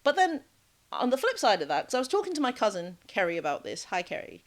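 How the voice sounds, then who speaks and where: A woman's voice: on the high side, huge pitch swings, fast talker. Woman podcast co-host, British accent, raised partly in Jamaica; easygoing, conversational delivery. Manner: conversational, checks in with "all right?". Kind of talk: casual chat.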